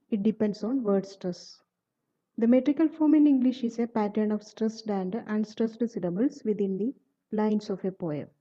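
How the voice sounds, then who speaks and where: A woman narrating a lesson in a steady, measured reading of definitions. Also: fairly high pitch, lo-fi sound. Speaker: teacher. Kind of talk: scripted explanatory narration.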